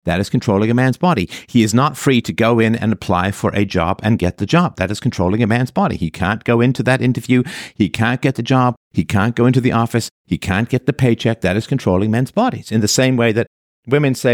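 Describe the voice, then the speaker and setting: A man's voice: mid-range voice, fairly quick, no room sound, studio quality. A man delivering a monologue of commentary in a sarcastic manner, now and then mocking the voices of the people he quotes.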